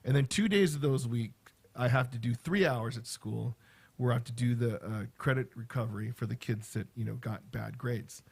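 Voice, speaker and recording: A middle-aged man, a teacher, chatting casually on a livestream in a rambling way, with lots of fillers and animated storytelling. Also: mid-range voice, normal speed, creaky, husky. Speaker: teacher and vlogger.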